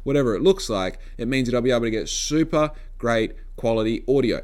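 A man's voice: medium pitch, lively intonation, quick pace, few pauses. A man casually vlogging to camera, blunt and sarcastic, swearing freely, recorded on a phone mic. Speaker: podcaster and vlogger. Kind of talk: casual talking-to-camera vlog. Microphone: phone microphone.

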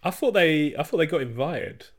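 A man's voice: fairly high pitch, lively intonation. A young man in a casual film chat, playful and chipping in with short replies. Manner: playful, quick to laugh, chips in with short replies.

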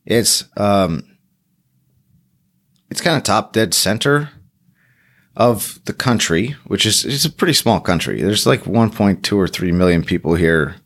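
A man with a fairly low voice hosts a solo podcast, talking off the cuff. He rambles, leans on fillers and restarts, and pokes fun at himself as he goes. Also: expressive, a little slow, long pauses, a bit bright. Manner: rambling, casual, filler-heavy, self-deprecating. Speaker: podcast host.

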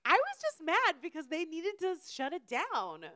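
A young woman co-hosting a casual chat, telling stories with loud, high impressions of her neighbors and swearing freely. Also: huge pitch swings, moderate pace. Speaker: podcast co-host.

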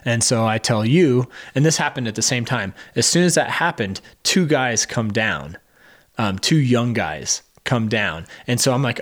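A man's voice: medium pitch, a little slow. Man co-host telling a story animatedly. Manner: animated storytelling, acts out quotes. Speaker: podcast co-host. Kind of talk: casual storytelling chat.

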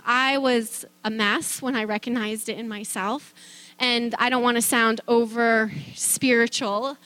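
A woman's voice: a little high, fairly even intonation, measured pace, pushed and bright, clean tone, dry recording. A middle-aged woman telling a personal faith testimony in a chatty way, with many fillers, restarts and easy laughter. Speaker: speaker sharing a faith testimony.

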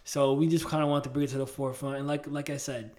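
A man's voice: medium pitch, fast. A man co-hosting a podcast, chatting casually and acting out favorite scenes with lots of energy. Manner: animated storyteller, acts out scenes. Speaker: podcast co-host. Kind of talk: casual chat.

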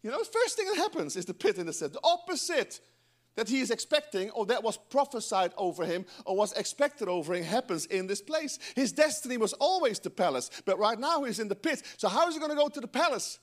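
A middle-aged man preaching a sermon in church, animated and breaking into joking asides to the congregation. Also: extremely high pitch, quick pace. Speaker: pastor.

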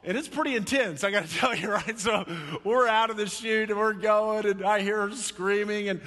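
A male pastor preaching a sermon in church, telling a story with lively energy and acting out quoted voices. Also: sits high, moderate pace, big-room sound.

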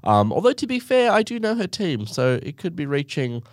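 Animated Australian man telling a story. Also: normal speed, no room sound, studio quality. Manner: animated, sarcastic, acts out others in high mocking voices. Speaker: podcast host. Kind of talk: casual storytelling monologue.

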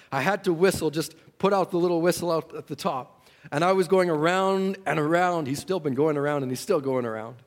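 Folksy man preaching in a big hall. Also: on the high side. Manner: folksy storyteller, swings from hushed to shouting. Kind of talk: sermon storytelling.

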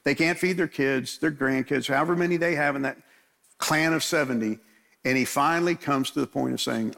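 A man with a medium-pitched, slightly creaky and a bit bright voice speaks at a normal speed. He preaches an expository sermon in a casual, conversational way, briefly acting out the voices of the biblical characters in the story.

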